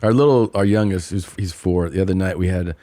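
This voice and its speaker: A man in his forties co-hosting a podcast, telling a story casually and acting out other people's lines in high, squeaky voices. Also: brisk, no room sound. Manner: animated, acts out quotes in high voices. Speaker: podcast co-host.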